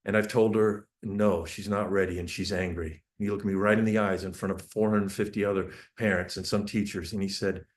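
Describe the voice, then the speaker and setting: Over a shared screen, a parenting speaker gives a talk in a lowish, flat voice, speaking fairly quickly with few pauses. He tells family stories earnestly, often restarting his sentences, and acts out family dialogue.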